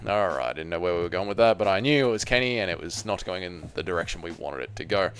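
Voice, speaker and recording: A man's voice: medium pitch, clear, resonant tone, no room sound. An Australian man hosting a live stream, reading viewer chat aloud and answering in crude, joking banter. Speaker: channel host.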